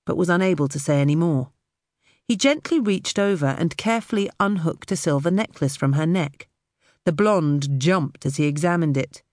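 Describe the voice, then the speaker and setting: A woman narrating an audiobook in the first person with expressive storytelling. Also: sits low, normal speed, no room sound, clean studio sound.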